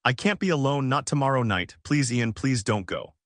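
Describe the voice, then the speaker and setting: A man's voice: medium pitch, animated, normal speed, dry recording, natural voice. A male narrator voicing a clingy, grieving woman who pleads and begs in a drama story. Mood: pleading. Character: grieving, clingy, desperate young widow.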